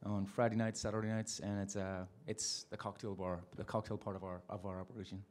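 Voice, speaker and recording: Man panel guest, lowish voice, laughs easily, confident. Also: little pitch movement, a little fast, darkish tone, slight background noise. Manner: self-deprecating, laughs easily, confident boasts. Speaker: panel guest, bar owner. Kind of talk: live panel talk.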